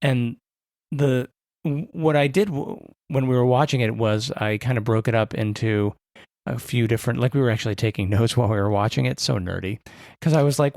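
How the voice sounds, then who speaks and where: Gravelly man co-hosting a podcast. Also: medium pitch, fairly quick, darkish tone, dry recording, clean studio sound. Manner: rambling, self-correcting, wry. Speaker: podcast co-host. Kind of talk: casual chat.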